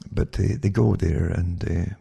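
A low, warm, husky voice with a gravelly edge delivers this rambling monologue at a measured pace and fairly even intonation. The man restarts often and drops in asides such as "eh?" aimed at whoever's listening.

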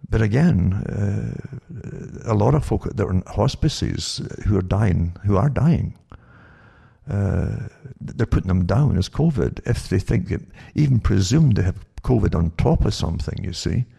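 A low, heavily gravelly man holding forth on his talk show. He rambles, doubles back and repeats words as he goes. His tone is dark and husky. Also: expressive, measured pace, few pauses. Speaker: show host.

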